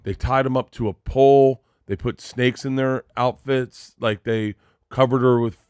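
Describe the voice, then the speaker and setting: A man spins a comic story on a podcast, rambling and animated, with plenty of swearing. His voice sits at an ordinary middle pitch. The sound is dry and close, with almost no room in it. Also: measured pace, clean tone, no room sound. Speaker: podcast host. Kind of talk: casual comedic storytelling.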